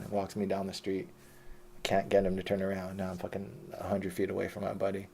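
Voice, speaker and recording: A man's voice: sits low, monotone, quick pace, gravelly, a little mellow, slight background noise. A man telling his life story in a rambling, profane, casual monologue.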